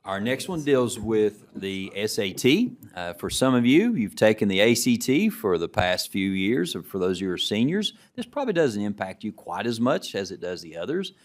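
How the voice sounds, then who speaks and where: A middle-aged man with a notably low voice gives presentation remarks as an education commissioner. He talks in a relaxed, anecdotal way, restarting phrases as he goes. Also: normal speed, few pauses. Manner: relaxed storytelling, frequent restarts. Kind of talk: presentation remarks to a student council.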